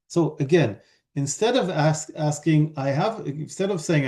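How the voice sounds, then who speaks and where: A man giving an academic linguistics talk, explaining step by step with many fillers, pauses and restarts. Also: on the high side, darkish tone. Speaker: linguistics lecturer.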